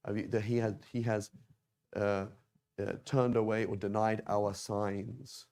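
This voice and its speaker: A man's voice: lowish voice, level tone, measured pace, darkish tone. A man teaching an informal Arabic class, talking conversationally and tossing rhetorical questions at his students.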